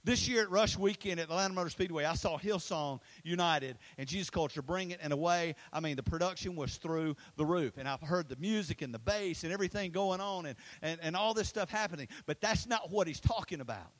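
A man preaching an energetic sermon, telling stories and chatting with the crowd, swinging from loud and animated to hushed and intimate. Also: a little high, brisk, few pauses, no echo, rough recording. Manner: storytelling, conversational asides to the crowd. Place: school facility used for a church launch.

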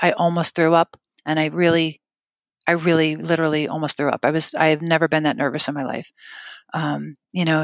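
A middle-aged woman telling an emotional personal story in an interview, halting, with restarts and fillers. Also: low voice, no echo, studio quality. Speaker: guest telling her story.

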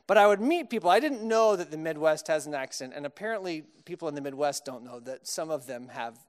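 A man's voice: a little high, animated, quick pace, clean tone. A man from Texas preaching a sermon, casual and humorous, acting out little dialogues with comic voices. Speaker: pastor.

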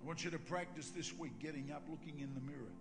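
An older man preaching a sermon as pastor, emphatic and building to shouts in prayer. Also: a little high, fast. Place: large church hall. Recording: long hall reverb with music.

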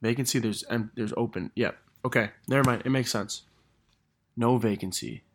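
Young man, podcast host, rambling, self-mocking, gravelly fry. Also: medium pitch, moderate pace. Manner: self-deprecating, rambling, reading old messages aloud. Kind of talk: casual podcast monologue.

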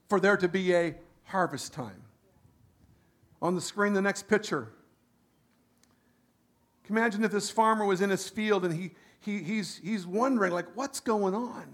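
Animated high-voiced male preacher. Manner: animated, swings from loud emphasis to quiet asides, frequent restarts. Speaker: pastor. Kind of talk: sermon.

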